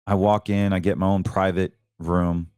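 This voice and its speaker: Deep-voiced man giving earnest testimony. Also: little pitch movement, normal speed, darkish tone, clear, resonant tone, no room sound, studio quality. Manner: earnest and preachy, voice drops low when emotional. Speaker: podcast host. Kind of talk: personal testimony in casual talk.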